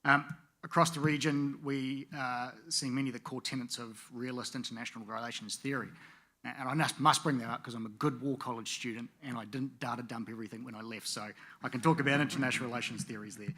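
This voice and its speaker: Forties, male Pacific Islander panelist, bright and forceful tone, measured pacing, speaks with plenty of fillers. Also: medium pitch, steady tone. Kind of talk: formal conference speech. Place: conference venue.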